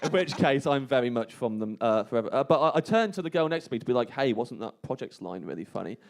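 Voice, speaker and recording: A man's voice: mid-range voice, animated, quick pace, creaky, slight background noise. Male comic storyteller, rambling and self-deprecating, mid-range voice, live on stage. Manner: hushed and tense when re-enacting fear. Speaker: comedian guest telling a story.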